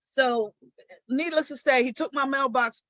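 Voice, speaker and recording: An older woman, a guest on a live stream, recounting her own story and getting animated as she retells arguments. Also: sits high, a little slow, no room sound, poor audio.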